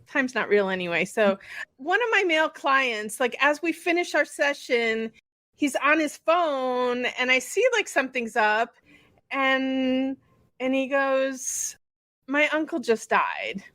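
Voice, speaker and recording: A woman co-hosting a podcast, speaking in a relaxed, reflective and earnest way. Her voice sits a little high and is recorded close and dry, with no room sound. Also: takes it slowly, no room sound. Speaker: podcast co-host and bodyworker. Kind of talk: casual chat.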